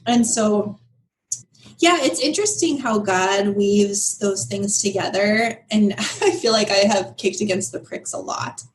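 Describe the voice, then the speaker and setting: A woman guest talks candidly in a relaxed podcast interview, her voice mid-pitched. She is animated and laughs often, with a faint hiss of noise behind her. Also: measured pace, low-quality recording. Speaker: guest, business founder. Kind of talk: casual interview conversation.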